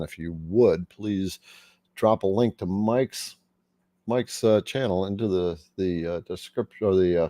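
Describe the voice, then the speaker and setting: A man's voice: fairly low pitch, dark tone, no echo. A man hosting a casual livestream, chatting and greeting viewers by name. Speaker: livestream host.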